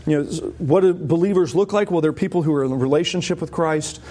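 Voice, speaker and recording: A man preaching a sermon to a congregation, animated and emphatic, often rising sharply in pitch for stress. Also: fast talker.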